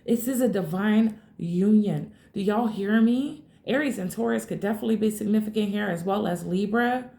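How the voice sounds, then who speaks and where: Gravelly-voiced woman reading tarot, excitable. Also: medium pitch, moderate pace, hardly any pauses. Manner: excitable, swears freely, addresses viewers as y'all. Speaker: tarot reader. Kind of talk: casual tarot reading to camera. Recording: echoey room.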